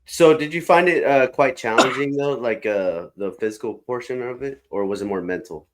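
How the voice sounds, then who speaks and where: A man's voice: mid-range voice, moderate pace. A man hosting a podcast, asking loose, casual questions full of "like" and "y'all". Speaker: podcast host.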